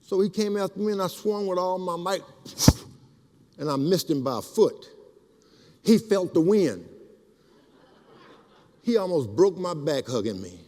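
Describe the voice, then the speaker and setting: An older man telling animated stories at a speaking event, acting out the voices in his quotes. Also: high voice, unhurried, pauses often. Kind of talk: storytelling speech. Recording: reverberant hall.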